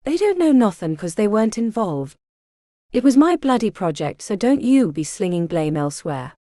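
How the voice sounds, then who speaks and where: A woman's voice: medium pitch, big pitch swings, moderate pace, dark tone, no echo, clean studio sound, natural voice. A woman voicing a defiant young bog witch healer who talks bluntly with folksy turns of phrase.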